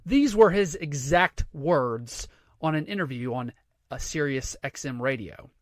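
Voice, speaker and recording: A high-voiced man hosts a sports show from a dry, close-miked setup. He rants with profanity and biting sarcasm. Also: animated, a little slow, no room sound. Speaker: sports commentary host. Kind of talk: sports rant monologue.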